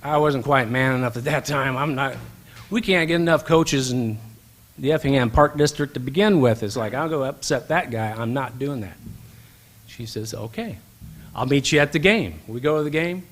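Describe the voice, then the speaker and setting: In an event hall, a man with a mid-range voice gives a storytelling speech at a banquet at normal speed. He tells an anecdote and acts out the dialogue.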